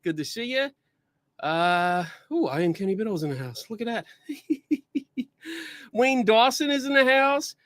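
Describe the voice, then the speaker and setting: Excitable, high-voiced male livestream host. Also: a little slow, long pauses, dry recording, clean studio sound. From Buffalo, New York. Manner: excitable, laughs often, swears casually. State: out of breath. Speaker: podcast host. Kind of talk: casual livestream chat.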